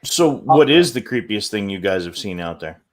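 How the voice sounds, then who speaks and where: A man co-hosting a podcast, asking his guests questions in a relaxed way. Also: on the low side, normal speed. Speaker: podcast co-host. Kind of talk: casual podcast chat.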